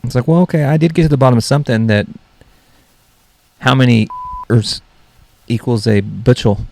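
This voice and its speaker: A man's voice: mid-range voice, brisk, a little mellow. A young man hosting a solo comedy podcast, rambling and mocking himself as he jokes. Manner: rambling, self-mocking, jokey. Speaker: podcast host.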